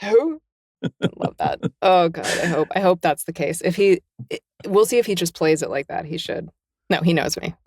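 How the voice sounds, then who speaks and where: A woman's voice: lowish voice, moderate pace, gravelly, husky, dry recording, clean studio sound. A middle-aged woman, a guest narrator and novelist, telling stories in a candid podcast chat and acting out the quotes. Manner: animated storyteller who acts out quotes.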